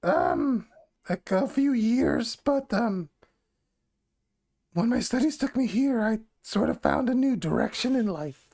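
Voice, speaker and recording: A shy goblin woman, once a scholar and now a worshipper, answers questions slowly and hesitantly, as a game master puts her on. Her speech is full of halting pauses. The voice carries a gravelly rasp. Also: medium pitch, very animated, darkish tone, exaggerated voice. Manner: slow, halting, full of ums.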